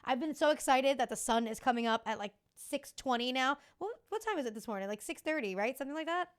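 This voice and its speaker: High and expressive, her voice moves at a quick pace. She's a podcast host in her thirties, chatting casually and candidly, confiding in listeners and occasionally swearing.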